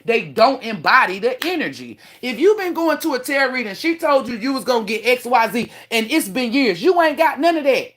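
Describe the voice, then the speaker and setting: A woman's voice: on the high side, sing-song, brisk, hardly any pauses, a bit bright. A woman streaming live as a self-styled spiritual teacher, lecturing bluntly with heavy swearing and bragging about her own gifts. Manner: blunt, profane and boastful; preachy, lecturing tone. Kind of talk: livestream rant.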